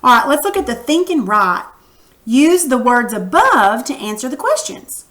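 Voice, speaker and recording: A woman's voice: high-pitched, sing-song, moderate pace, fairly bright tone. A woman teacher patiently walking students through a recorded reading lesson, talking casually while she writes on screen. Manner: patient, coaching, casual classroom talk; narrates while writing on screen.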